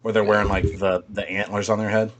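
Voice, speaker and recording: A man's voice: on the low side, little pitch movement, a little fast, dull audio, a crowd in the background. A man co-hosting a podcast in casual chat, rambling, swearing freely and laughing often. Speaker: podcast co-host.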